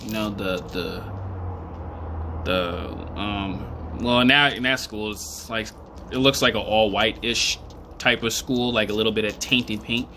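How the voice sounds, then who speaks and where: A man chatting casually as a vlogger in a bright, forceful voice, taking his time over every point. He rambles, chuckles and restarts himself, then leans hard on emphatic statements. His delivery is loose and animated. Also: fairly low pitch, unhurried, slight background noise. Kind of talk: casual commentary.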